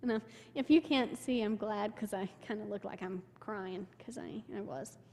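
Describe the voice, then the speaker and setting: A young woman with a mid-range, darkish voice recounts her mission trip to a congregation at normal speed, emotionally and quoting those she met in her own voice. The recording carries long hall reverb from the church sanctuary, plus a little hiss or hum.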